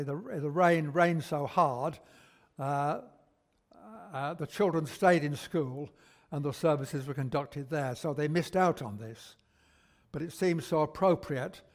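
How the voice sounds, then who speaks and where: A man preaching a sermon, slow and emphatic, repeating key words for weight. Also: on the high side. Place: church. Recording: long church reverb.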